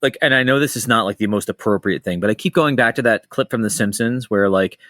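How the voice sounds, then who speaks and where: A middle-aged man hosting a casual podcast, telling stories in an animated way, swearing freely and jumping between tangents. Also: lowish voice, quick pace, no echo, clean studio sound. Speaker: podcast host.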